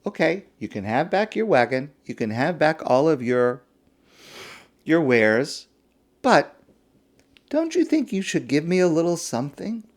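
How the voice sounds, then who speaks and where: A man's voice: a little high, big pitch swings, a little slow, pauses often, voice pushed up. A man putting on a sly wheedling thief. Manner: coaxing, self-justifying storyteller's voice.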